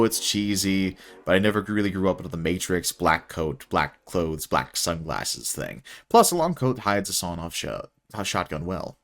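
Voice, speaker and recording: A young man reading his own first-person story aloud in a wry, casual way. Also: low-pitched.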